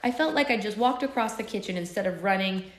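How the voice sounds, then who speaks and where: A woman's voice: mid-range voice, fast, slight background noise. Brief: woman book club reader, mid-range voice, echoey room, chatty asides. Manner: animated, giggly asides. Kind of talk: live read-aloud with chatty asides.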